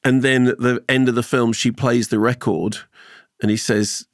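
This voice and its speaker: A man co-hosting a casual chat, retelling film scenes and jokes in an animated, laughing way. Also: medium pitch, normal speed, dry recording, studio quality. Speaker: podcast co-host.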